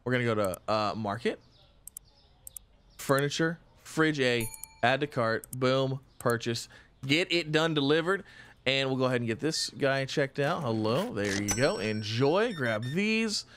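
A man hosting a casual let's-play, chatty and excitable, thinking aloud with frequent exclamations. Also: medium pitch, a little slow, slight background noise. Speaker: gaming channel host.

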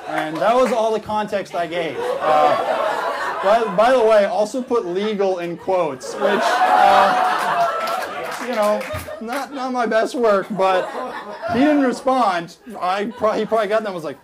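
A man's voice: high voice, measured pace. Rambling male stand-up comic, noisy crowd. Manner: deadpan rambling delivery with many fillers. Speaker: stand-up comedian. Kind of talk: stand-up comedy set. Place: comedy club stage with a laughing audience.

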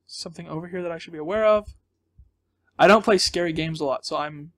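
A high-pitched man talks through a scary game as a let's play. He gets flustered and jumpy, thinks aloud and exclaims often. Between outbursts he drops to a quiet mutter. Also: fast, dry recording. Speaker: gaming channel host.

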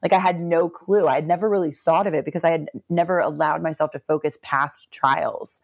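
A woman in her forties tells her story with lots of laughter and lively, swooping acted-out quotes. Her voice sits a little low for a woman. The recording is close and dry. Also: a little fast, creaky, no echo. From United States. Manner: animated, laughs often, acts out quotes. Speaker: Olympic swimmer guest. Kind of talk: storytelling in a podcast interview.

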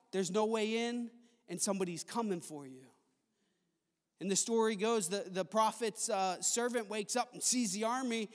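A man preaching a sermon in a chapel, impassioned, moving between soft stretches and loud ones. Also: very high-pitched. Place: large chapel hall. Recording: long hall reverb.

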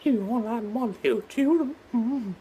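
A man doing a shrill indignant old lady. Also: moderate pace, dark tone, a little hiss or hum. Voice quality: shrill falsetto.

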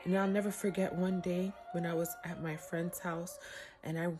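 Tearful low-voiced aunt with music behind. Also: female voice, little pitch movement, normal speed. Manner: emotional, rambling and earnest. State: tearful, crying. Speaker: aunt giving a graduation message. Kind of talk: heartfelt video message.

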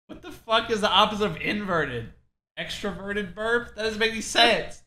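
A man's voice: high voice, normal speed, bright, forceful tone. A tipsy man casually chatting with his wife, swearing and joking while reading memes aloud. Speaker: host. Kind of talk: casual chat reacting to memes.

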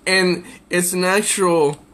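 A man's voice: sits high, steady tone, takes it slowly, a bit bright. A man casually reviewing a comic book, summarizing the pages with evident amusement. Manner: amused, easily tickled by the jokes.

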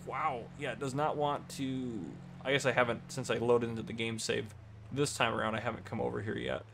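Male game commentator, relaxed and rambling, gravelly, light background noise. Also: medium pitch, a little fast. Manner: easygoing, rambling with many fillers. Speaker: gameplay channel host. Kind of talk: casual gameplay commentary.

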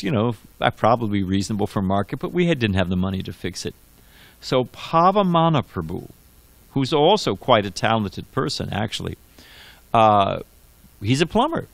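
A man's voice: medium pitch, no room sound. A man giving a scripture class in a conversational, digressive storytelling manner, full of restarts and asides. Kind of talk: sermon. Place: temple hall.

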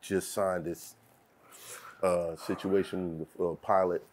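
A man co-hosting a casual talk show, chiming in with short agreements and asking slow follow-up questions. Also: low-pitched, little pitch movement, a little hiss or hum. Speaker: podcast co-host. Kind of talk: casual chat.

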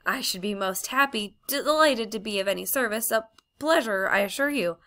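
A woman voicing a nervous, fawning old gentleman magician in an audiobook, stammering and overly polite. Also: on the high side, animated, normal speed. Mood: flustered. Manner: stammering, obsequious.

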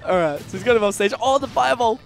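A man's voice: extremely high pitch, rapid-fire, creaky, over music. A man commentating a live esports match, playful and bantering with his co-caster. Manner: playful, banters and mimics players.

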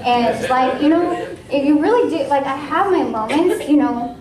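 A woman from Washington State sharing a personal testimony at a ministry meeting, in a casual, lively way with many fillers. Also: high voice, normal speed, distant mic, a crowd in the background. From Washington State, USA. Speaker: guest speaker at a ministry. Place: ministry meeting room with a live audience. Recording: echoey room, voice from off-mic.

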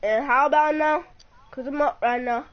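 A woman's voice: high voice, moderate pace. A woman streaming a video game, teasing and trash-talking her opponent in boisterous chat, laughing often. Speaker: gamer streaming a match. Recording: muffled lo-fi stream with loud noise.

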